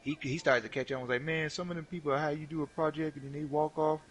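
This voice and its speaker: A man's voice: fairly high pitch, fast talker, poor audio. A young man streaming a game, casually telling a profane, slangy work story and acting out what people said. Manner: animated, profane, slangy, acts out quotes. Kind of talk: casual storytelling while gaming.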